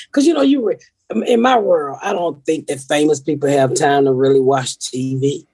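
Husky, foul-mouthed woman telling stories. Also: sits low, a little fast, no echo. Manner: profane, storytelling with animated quoted voices. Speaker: podcast host. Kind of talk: casual chat.

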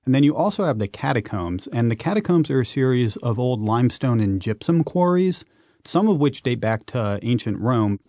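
Male interview guest, mid pitch, dry close sound, lively emphatic storyteller. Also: normal speed, no room sound. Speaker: guest, urban explorer and author. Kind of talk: radio interview.

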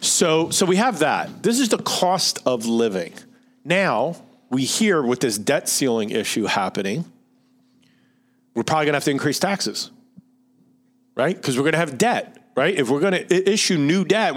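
A man's voice: fairly high pitch, lively intonation, moderate pace. A middle-aged man with a Philadelphia accent, hosting a retirement-planning podcast in a conversational, explanatory way that keeps checking in with "right?". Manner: explanatory, reads out figures, asks rhetorical "right?". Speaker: financial advisor podcast host.

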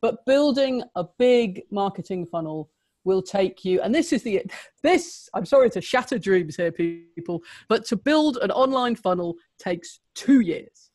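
A co-host giving frank, direct business advice in a casual chat. The voice sits at a middle pitch. It is recorded dry and close, with no room echo. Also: expressive, unhurried, darkish tone.

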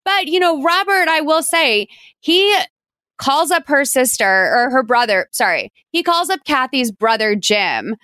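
A woman's voice: sits high, sing-song, a little slow, pushed and bright, no echo. A woman hosting a podcast, chatting casually and animatedly, laughing often. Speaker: podcast host. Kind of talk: casual chat.

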